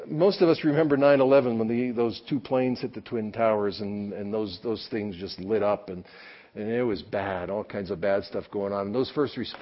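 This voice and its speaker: A man's voice: lowish voice, muffled recording. A man, a pastor, preaching a sermon to his congregation in a folksy, earnest way. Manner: folksy, earnest, acts out quotes. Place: church, before a congregation.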